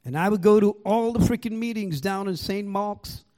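At a moderate pace, an older man with an Indian accent speaks in a high, dark-toned voice. He recounts his recovery to a live audience at a meeting, cursing and telling it like a story.

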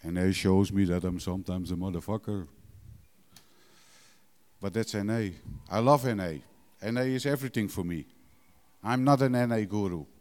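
A middle-aged man with a low, mellow and smooth voice speaks frankly about his own life. He talks in broken English, blunt and emotional, swearing without hesitation. The sound carries a long hall reverb. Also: moderate pace, pauses often. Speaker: recovering addict sharing his story. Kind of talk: candid personal testimony.

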